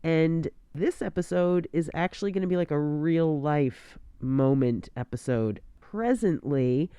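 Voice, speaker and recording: A woman's voice: low-pitched, unhurried, mellow, smooth, no echo, clean studio sound. A woman podcast host, sick with a scratchy voice, talking frankly through a mask from her bedroom at night and laughing often. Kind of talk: candid casual monologue. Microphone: home studio mic at end of bed.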